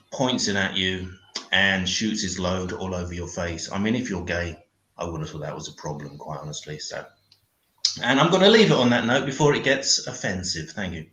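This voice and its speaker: Deadpan man, low voice, echoey room. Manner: deadpan, crude one-liners. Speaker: stand-up comedian. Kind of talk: stand-up routine on a panel show.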